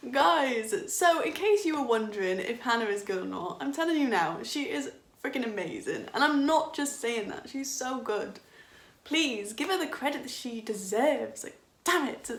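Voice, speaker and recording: A young woman in her twenties chats through a dance reaction, enthusiastic, rambling and quick to laugh. Her voice sits a little high and has a gravelly fry. She records in a room with noticeable echo. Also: lively intonation. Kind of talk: casual reaction chat.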